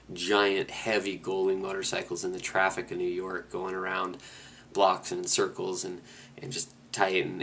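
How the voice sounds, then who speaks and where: A man's voice: low-pitched, vocal fry, a little hiss or hum. A man casually recapping a long motorcycle trip, rambling and restarting his sentences as he tells it. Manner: rambling, restarts often, relaxed storytelling. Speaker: motorcycle rider on a cross-country trip.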